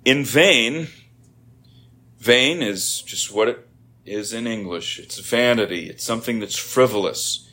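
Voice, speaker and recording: A man's voice: fairly low pitch, a little slow, sharp tone. Man preaching a conversational sermon. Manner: conversational teaching with emphatic rises.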